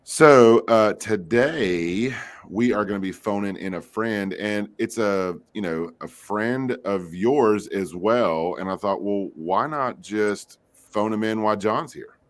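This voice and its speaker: A man with a lowish voice hosts a casual morning livestream. He chats loosely and keeps things light, with plenty of fillers along the way. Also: slow pace. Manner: relaxed and chatty, with many fillers. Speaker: host.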